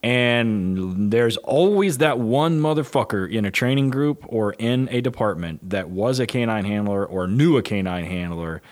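A man's voice: fairly low pitch, unhurried, hardly any pauses. A middle-aged man, a police dog handler trainer, telling blunt and profane stories in casual chat. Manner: blunt, profane, animated storytelling.

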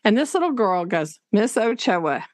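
A woman teacher, telling classroom stories in a casual, animated way and acting out what people said. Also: mid-range voice, normal speed, no echo, clean studio sound. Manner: animated, laughing, acts out quotes. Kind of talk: casual storytelling interview.

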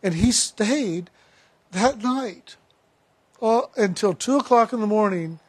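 A man giving a sermon, telling a story in a slow, reflective way with retold dialogue. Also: high-pitched, lively intonation, slightly rough.

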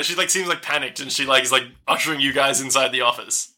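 A man's voice: mid-range voice, fast talker, sharp tone. A man narrating as game master, loose and rambling with lots of filler words.

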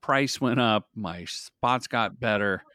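Middle-aged man, energetic storyteller, casual interview, dry close mic. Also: on the low side, takes it slowly, no room sound. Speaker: guest, commercial director.

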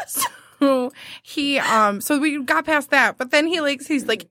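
A woman telling a story in casual chat, animated and laughing often as she acts out what people said. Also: high voice, moderate pace, no echo.

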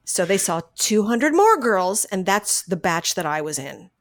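Woman, middle-aged, voice actress, casual interview, animated, laughs a lot, restarts sentences. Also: mid-range voice, unhurried. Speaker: voice actress guest.

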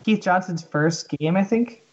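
A man guesting on a casual pinball podcast, making relaxed, wry comments. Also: high voice, a little slow, husky. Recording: dull lo-fi remote line.

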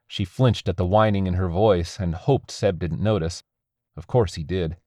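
A man narrating a story in a measured, expressive audiobook style. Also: sits low, no echo, clean studio sound.

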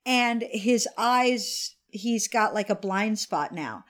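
A woman's voice: medium pitch, animated, slow pace. A tipsy woman in casual chat, telling a story with animation, laughing often and acting out lines from a movie.

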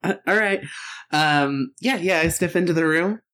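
A woman's voice: on the low side, normal speed, a bit bright. A woman playing a tabletop game, speaking tentatively with stammers. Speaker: player. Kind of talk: casual tabletop play.

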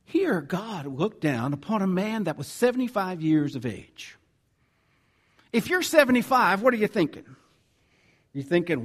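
This Southern American pastor speaks in a high, breathy voice, a little slowly and with frequent pauses. His sermon is animated and conversational, and he reads scripture and fixes his own slips as he goes.

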